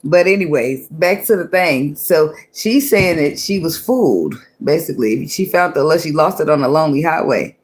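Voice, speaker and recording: A woman's voice: low voice, lively intonation, normal speed, hardly any pauses, darkish tone, slight background noise. A woman giving a casual tarot reading, talking loosely, laughing often and cursing freely as she thinks aloud. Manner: muses aloud, often restarting thoughts. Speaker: tarot reader.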